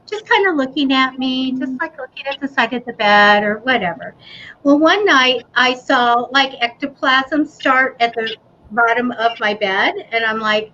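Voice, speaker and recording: A woman in casual chat, telling a ghost story with animation and acting out what she said. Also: high voice. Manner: animated storytelling, acting out her own quotes. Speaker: paranormal talk show panelist. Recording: dull lo-fi livestream audio with faint noise.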